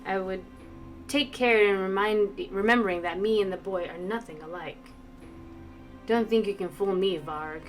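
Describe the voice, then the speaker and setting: Stern cold knight, voiced by a woman, calm level commands, quiet menace. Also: mid-range voice, normal speed, faint music behind, lightly acted. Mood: cold commanding.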